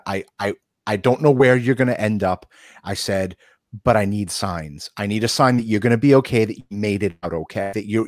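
A man's voice: no echo, clean studio sound. A man in his forties from Long Island, telling an emotional personal story on a video call podcast, intense and repetitive, swearing now and then. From Long Island, New York. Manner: intense, repetitive, swears, voice climbs high when excited.

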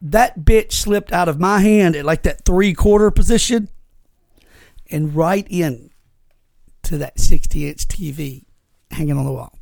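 On a dry recording, a man with a slightly high, slightly slow voice and some vocal fry pauses often as he tells a story. He's co-hosting a podcast, and the chat is casual, animated, and full of swearing.

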